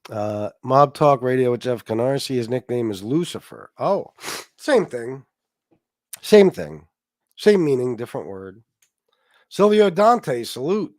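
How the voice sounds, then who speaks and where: A man's voice: medium pitch, lively intonation, measured pace, a little mellow, no echo, clean studio sound. Stuffed-up man rambling on a livestream. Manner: rambling, reads chat comments aloud, swears. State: stuffed-up nose. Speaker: livestream host. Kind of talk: casual livestream commentary.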